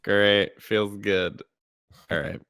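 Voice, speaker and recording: A man's voice: lowish voice, level tone, drawn-out words, fairly bright tone, smooth, no echo. A man playing in a tabletop game over a voice call, laid-back and swearing casually. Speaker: player.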